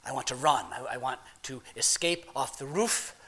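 Speaking in a mid-range voice, a man acts out a dramatic first-person monologue as a plain-spoken, married laborer with rough everyday grammar and halting restarts. The mood is ashamed and hushed, though he moves from a quiet murmur up to loud, excited telling.

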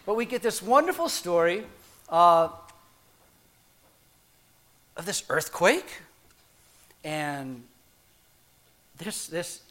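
A man preaching a sermon in a playful, animated way, breaking off into humorous asides and restarting his phrases as he goes. His voice is pitched high for a man and swings widely up and down. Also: extremely slow, long pauses.

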